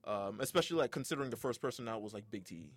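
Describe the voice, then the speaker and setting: A man's voice: fairly low pitch, animated, racing, no room sound. A young man hosting a casual podcast, talking in a rambling way with fillers and laughs. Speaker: podcast host.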